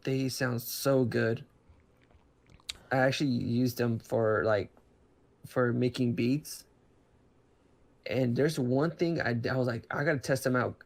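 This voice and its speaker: A man with a gravelly, creaky voice at an ordinary pitch, talking in a loose, rambling way. He starts over often and trails through fillers. This is casual chat between friends. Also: steady tone, takes it slowly, long pauses. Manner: rambling, many restarts and fillers. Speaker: podcast co-host.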